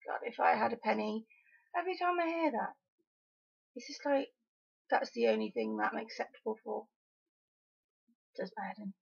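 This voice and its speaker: A woman's voice: a little high, normal speed, gravelly, long pauses, slightly rough, muffled recording. A young woman from Wales talking frankly and emphatically in a casual opinion vlog, often exasperated. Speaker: vlogger.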